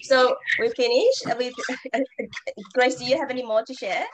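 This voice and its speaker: A woman with a fairly high voice gently facilitates a sharing circle, inviting each person to speak. Clear background noise runs under her voice. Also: unhurried.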